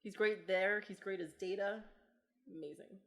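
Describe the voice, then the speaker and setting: A woman's voice: mid-range voice, fairly even intonation, normal speed. A woman hosting a podcast, chatting casually about films, laughing often and quoting lines in mock voices. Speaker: podcast host. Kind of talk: casual film chat.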